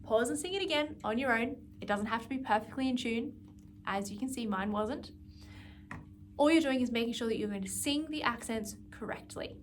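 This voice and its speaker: High-voiced woman teaching music practice. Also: a little fast, a little hiss or hum. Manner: patient, counts and sings note names aloud. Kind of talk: guided practice lesson.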